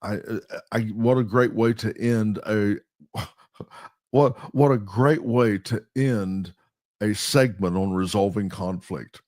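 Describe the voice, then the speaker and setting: A man's voice: fairly low pitch, slow pace, darkish tone, no echo, studio quality. A middle-aged man and pastor hosting a podcast, talking emphatically in a sermon-like way and laughing at himself now and then.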